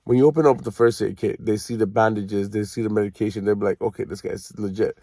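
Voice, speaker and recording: A man's voice: fairly low pitch, steady tone, quick pace, dark tone, no room sound, clean studio sound. A young man from Canada, ranting casually in a profane, rambling and sarcastic way. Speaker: vlogger.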